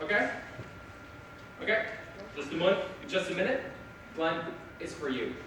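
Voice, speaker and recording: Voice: mid-range voice, sing-song, normal speed, lightly acted. A teenage student acting on a school stage as a frantic party host trying to restore order. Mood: flustered. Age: teens. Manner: flustered, shouting for order. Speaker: student actor. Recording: echoey hall, mics far off, faint hiss.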